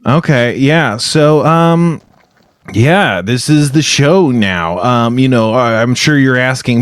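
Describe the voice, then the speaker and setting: A man's voice: medium pitch, expressive, measured pace, smooth, dry recording, clean studio sound. A man co-hosting a podcast over a video call, rambling and self-deprecating in casual chat. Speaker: podcast co-host.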